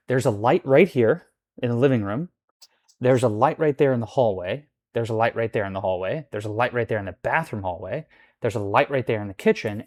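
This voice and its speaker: In a mid-range voice with a darkish tone, a man vlogs a storytime rant about a roommate. He rambles and swears, leaning heavily on fillers like "like."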